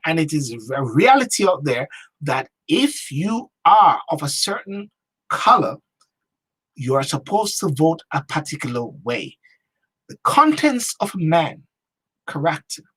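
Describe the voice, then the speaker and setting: A man's voice: sits high, a bit bright, breathy edge. A man hosting a talk show, delivering an opinion monologue with emphatic, repetitive, rhetorical phrasing.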